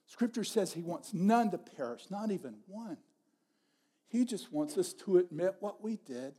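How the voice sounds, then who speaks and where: A man's voice: high voice, mellow. A middle-aged man preaching a sermon as pastor, telling stories in a conversational way and repeating his phrases.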